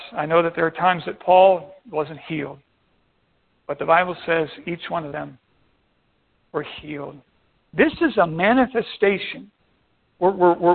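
A man with a notably high voice preaches with animated delivery, acting out the voices of the people in his stories. The sound is thin and tinny, as if it came down a phone line. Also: vocal fry. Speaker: pastor. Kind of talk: sermon.

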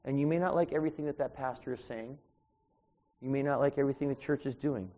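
A man delivering an informal sermon as a preacher, talking in a conversational, anecdotal way that grows louder when he gets animated. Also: medium pitch, fast. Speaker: street preacher. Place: church. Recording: dull lo-fi sound.

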